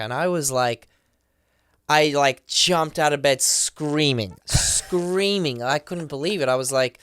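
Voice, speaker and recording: Man telling an excited story. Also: fairly high pitch, clear, resonant tone, dry recording. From Australia. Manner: acts out the voices of people he quotes; rapid, excited retelling with many fillers. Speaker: podcast guest. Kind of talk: animated storytelling.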